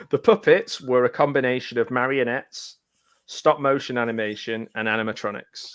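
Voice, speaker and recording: A man hosting a casual film commentary, sharing trivia in a halting way with frequent ums and giggles. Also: mid-range voice, a bit bright. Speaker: podcast host.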